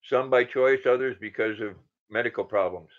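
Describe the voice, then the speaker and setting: A man's voice: mid-range voice, moderate pace. A man in his sixties hosting a casual livestream, greeting viewers by name and reading their comments aloud. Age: 60s. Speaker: livestream host. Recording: dull lo-fi sound.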